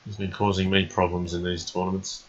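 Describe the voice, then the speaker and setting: A man streaming chess. He thinks aloud in a calm, measured way with plenty of ums. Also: sits low. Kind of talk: live game commentary. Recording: dull lo-fi stream audio.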